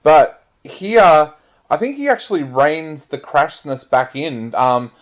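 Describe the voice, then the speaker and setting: A man's voice: fairly high pitch, very animated, slow pace. A man reviewing films on a radio panel, speaking frankly and conversationally. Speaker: film reviewer. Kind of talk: radio film review chat. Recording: dull lo-fi radio audio.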